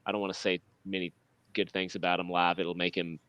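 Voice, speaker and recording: Chatty podcast co-host, male, bright crisp tone, dry close sound, rambling. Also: low voice, little pitch movement, a little fast, no echo. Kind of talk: casual chat.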